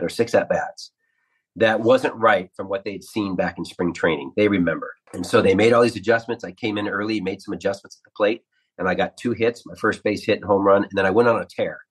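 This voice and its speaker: Husky-voiced man telling baseball stories. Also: fairly low pitch, a little fast, rough recording. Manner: animated anecdotes, acts out quotes. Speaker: former ballplayer, radio analyst. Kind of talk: storytelling interview.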